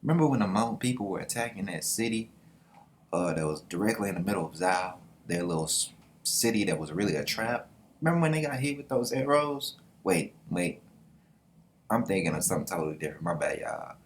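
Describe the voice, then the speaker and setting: A man hosting a casual manga reaction vlog, excited and slangy, swearing freely. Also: deep voice, a little fast, a little hiss or hum. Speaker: manga reaction channel host.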